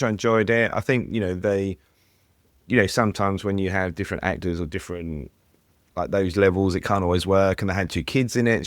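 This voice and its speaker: Deep-voiced chatty man. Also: dry recording, studio quality. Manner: chatty, flippant, laughs often. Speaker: podcast co-host. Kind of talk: casual chat.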